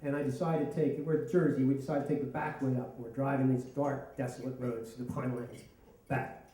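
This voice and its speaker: A middle-aged man tells a comic story live on stage, self-mocking and lively. His voice comes from a distance in an echoey hall. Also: mid-range voice, fairly quick. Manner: animated, self-mocking, laughing through lines. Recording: echoey hall, mic from far off.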